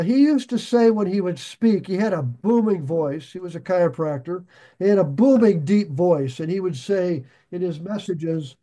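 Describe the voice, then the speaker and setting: A man with a fairly high voice delivers a sermon at an unhurried, measured pace. He reads scripture aloud and stops to explain it, putting questions to the congregation. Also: darkish tone. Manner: slow, deliberate, asks the listeners questions. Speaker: pastor.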